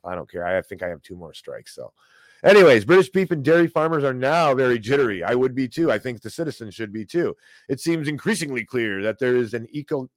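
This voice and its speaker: A man's voice: mid-range voice, dry recording, rough recording. A man hosting a livestream, ranting sarcastically about the news and mocking the people he disagrees with. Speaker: online show host. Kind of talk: livestream commentary.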